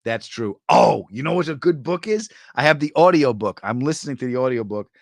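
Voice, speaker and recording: A man with a New York accent, a comedian chatting casually and answering viewer comments, joking and telling animated stories that jump into sudden high bursts. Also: a little fast, gravelly, dry recording, studio quality. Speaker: comedian hosting a live chat.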